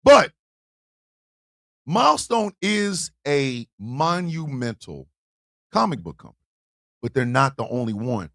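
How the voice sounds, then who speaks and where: A man hosting a livestream, chatting casually with his audience in loud, animated, profane banter with frequent laughter. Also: medium pitch, slow pace, vocal fry, pauses often. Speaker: livestream show host. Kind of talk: casual livestream talk, reacting to chat.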